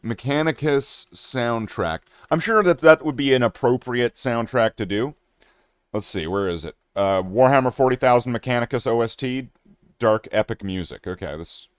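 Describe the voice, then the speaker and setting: A man's voice: medium pitch, normal speed, clean tone, no echo, clean studio sound. A man from Canada chatting casually on a live stream, joking, rambling and swearing.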